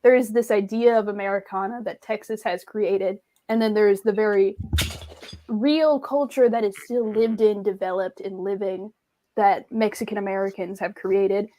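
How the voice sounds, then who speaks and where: A woman's voice: mid-range voice, steady tone, moderate pace, warm tone, poor audio. A woman talking in an earnest, thoughtful way during a casual group chat.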